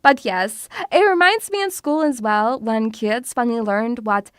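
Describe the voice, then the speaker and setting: Young woman streamer, high voice, teasing and chatty, dry close sound. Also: unhurried, fairly bright tone, clean tone, dry recording. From Russia. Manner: playful, teasing, calls viewers sweeties. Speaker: VTuber streamer. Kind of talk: casual stream chat.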